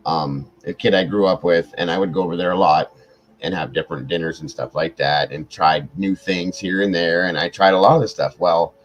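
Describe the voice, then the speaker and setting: A livestream host with a very low, deep voice, tired after hours on air. He rambles through stories in loose, casual chat and swears freely. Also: steady tone, fairly quick, low-quality recording. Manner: rambling, profane storytelling.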